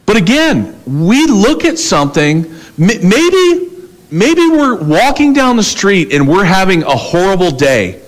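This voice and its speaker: Male pastor mid-sermon; animated storyteller who plays out conversations, voice a bit high and swooping. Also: a little slow, low-quality recording. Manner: animated storytelling, acting out both sides of conversations.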